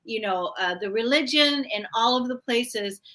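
A woman's voice: a little high, moderate pace, sharp tone. A woman guest speaking passionately and emphatically in a casual wellness conversation. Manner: emphatic, passionate, occasional swearing. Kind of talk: casual spiritual wellness chat.

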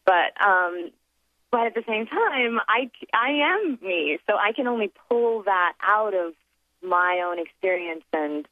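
A woman's voice: mid-range voice, expressive, measured pace, no room sound. A woman guest in a casual interview, thinking aloud and reflective, full of fillers and restarts. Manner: reflective, chatty, many fillers and restarts, laughs often. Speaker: guest, accent performer. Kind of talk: casual interview on a phone line. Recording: tinny phone line, dry.

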